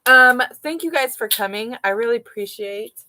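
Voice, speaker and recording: A woman's voice: a little high, normal speed, pushed and bright, slight background noise, poor audio. A woman vlogging live from her dining room, chatting and thinking aloud as she sorts craft supplies. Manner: chatty, rambling, thinks aloud while sorting. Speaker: mom vlogger hosting a livestream. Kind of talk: casual live decluttering chat.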